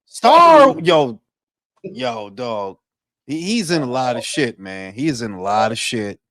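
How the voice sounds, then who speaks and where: A man hosting a casual talk show, animated and profane, laughing often. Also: medium pitch, slow pace, no echo, studio quality. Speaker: podcast host. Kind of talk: casual chat.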